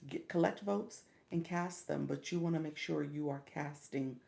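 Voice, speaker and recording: A woman's voice: low voice, moderate pace, creaky, a little mellow. A middle-aged woman hosting a casual livestream, coaching viewers, chatting and greeting them by name, often stumbling over how to say their names. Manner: encouraging, coaching tone with repeated "okay?".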